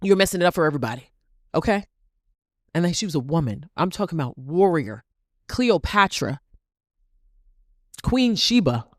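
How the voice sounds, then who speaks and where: Animated woman podcast host, dry sound. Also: on the low side, normal speed, pauses often, no room sound. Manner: animated, repeats phrases for emphasis, rhetorical questions. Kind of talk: solo podcast monologue.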